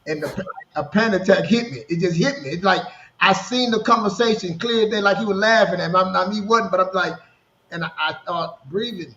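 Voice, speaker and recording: A man in his thirties telling personal stories in a casual podcast conversation, animated and full of restarts. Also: sits high, a little fast, a little hiss or hum. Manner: storytelling, animated, repeats words and restarts. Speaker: podcast co-host. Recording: roomy, dull lo-fi sound.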